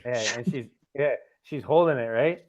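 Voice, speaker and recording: A man's voice: mid-range voice, normal speed, a little mellow, a little hiss or hum. A man hosting a podcast, telling a long story in a loose, rambling way, swearing often and tagging lines with "right?". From Canada. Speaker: podcast host. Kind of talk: casual podcast chat. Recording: tinny phone-like audio.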